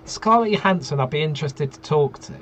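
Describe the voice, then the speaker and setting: A man's voice: fairly high pitch, expressive, fairly quick, fairly bright tone. A man co-hosting a podcast, dry and teasing in casual banter. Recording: dull lo-fi sound with faint background noise.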